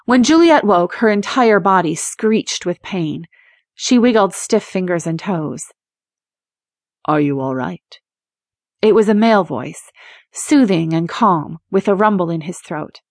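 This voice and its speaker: A woman reads a romance audiobook as scripted narration, measured and expressive. Her mid-range voice is captured at studio quality with no room sound.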